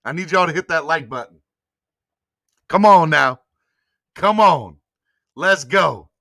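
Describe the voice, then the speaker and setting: Male podcast host, casual slangy sports chatter, bright tone, dry close sound. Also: a little high, takes it slowly, creaky, no echo. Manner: animated, slangy, begs viewers for likes. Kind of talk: casual sports talk livestream.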